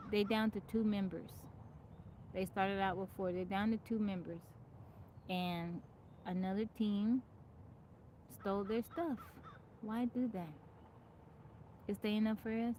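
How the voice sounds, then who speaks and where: A woman's voice: mid-range voice, a little mellow, a little hiss or hum, low-quality recording. Chatty woman livestreaming outdoors. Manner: chatty, greets viewers by name, laughs often. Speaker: livestream host. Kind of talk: casual live chat. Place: outdoors in nature. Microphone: phone.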